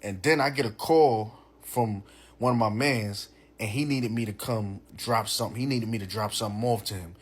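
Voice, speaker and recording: A young man, telling a profane, animated personal story in a casual way. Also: on the low side, moderate pace, breathy edge. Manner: animated, profane, full of "you know what I'm saying".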